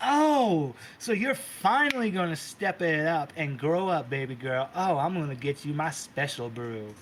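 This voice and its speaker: Man voicing a flamboyant goddess big sister, sassy and doting, pitched up. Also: expressive, measured pace, a bit bright, slight background noise, low-quality recording. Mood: gushing. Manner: gushing pet names, camp and sassy.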